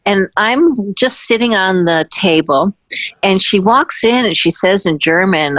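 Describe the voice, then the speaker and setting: A woman, a former ballet dancer, telling a personal anecdote in a halting way, restarting sentences and briefly acting out the people she quotes. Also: medium pitch, expressive, fairly bright tone, no room sound. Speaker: former ballet dancer recounting her career.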